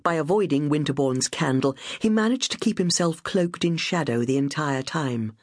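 A woman narrating a period novel as an audiobook, in a measured, dramatic storytelling manner. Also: sits low, lively intonation, no room sound, clean studio sound. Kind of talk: scripted narration.

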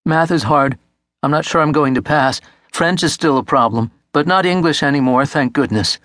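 A man voicing an anxious teenage boy who talks fast and eagerly to keep his father's attention. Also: on the high side, fairly bright tone, dry recording, studio quality, voice pushed up, close to an everyday voice. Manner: rushed, eager, words tumbling out.

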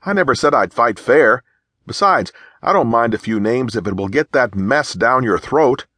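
A man voicing a playful young male cavalry officer who teases and sings a slow ballad. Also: medium pitch, animated, a bit bright, no echo, studio quality, pitched above the performer's own voice. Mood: teasing.

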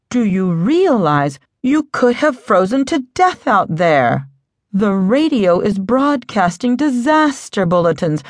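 A woman voicing a stern older female hospital supervisor who scolds in a measured way. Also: on the high side, no room sound, clean studio sound.

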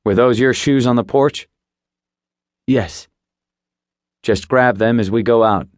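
A male audiobook narrator voicing a measured, politely firm federal agent. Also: mid-range voice, no echo, close to an everyday voice. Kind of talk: audiobook character voice.

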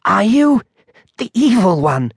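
Guy doing a freaked-out old-timey monk, shaky and high, dry close sound. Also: fairly quick, no room sound, close to an everyday voice. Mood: fearful. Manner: quavering, panicked exclamations. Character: frightened medieval male monk, lost in time.

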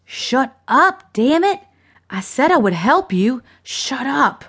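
A cold, vicious woman who swears freely and taunts her victim with contempt, as a woman narrator puts her on. She speaks slowly, dragging out her words with a raised, hard edge. An audiobook thriller performance. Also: mid-range voice, expressive. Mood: menacing. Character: ruthless foul-mouthed woman, cold and vicious.

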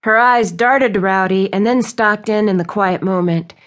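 A woman reading a romance novel aloud as an audiobook narrator. Her storytelling is smooth and even. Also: medium pitch, moderate pace. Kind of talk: scripted narration.

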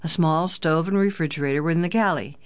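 An audiobook narrator reading a children's adventure story in a clear, even storytelling manner. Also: mid-range voice, fast talker.

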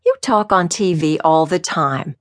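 A woman's voice: sits low, a little slow, no room sound, studio quality. A woman doing a wry, unflappable lady sleuth. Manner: wry and teasing.

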